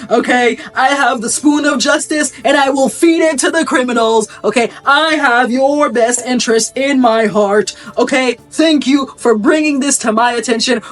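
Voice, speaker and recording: A woman doing a pompous male commander, grandiose, slow, slightly raised pitch.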